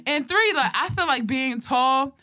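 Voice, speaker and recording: A woman's voice: high-pitched, a little slow, no echo, clean studio sound. A young woman telling funny personal stories in casual chat, laughing often and swearing freely. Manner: animated, laughing, profane storytelling.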